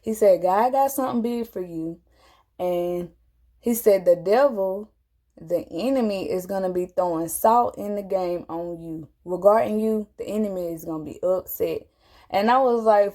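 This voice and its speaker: A woman telling a personal story to camera, animated and emotional, her voice jumping high when she quotes herself. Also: normal speed. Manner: animated, jumps high when quoting herself, tearful at moments.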